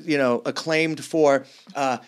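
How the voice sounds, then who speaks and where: A man talks at an everyday middle pitch as a podcast guest. He rambles through stories and swears freely. His crude jokes land in the middle of a casual chat. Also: steady tone, slow, clear, resonant tone. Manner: crude joking storyteller.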